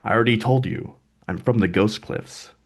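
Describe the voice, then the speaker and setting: A man reading the lines of a quiet, defiant male bard with a heavy foreign accent, using short, terse replies. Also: fairly low pitch, normal speed.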